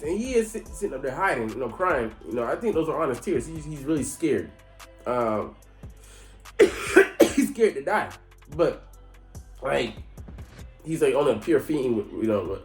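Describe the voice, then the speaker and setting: Rambling, profane man reviewing anime. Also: medium pitch. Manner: rambling, lots of fillers, profane. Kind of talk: casual reaction commentary. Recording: echoey room, faint music.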